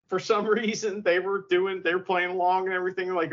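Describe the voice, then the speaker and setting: A man co-hosting a podcast, chatting casually about wrestling, excitable, swearing and laughing often. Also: high voice, fairly quick, hardly any pauses, muffled recording. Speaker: podcast co-host.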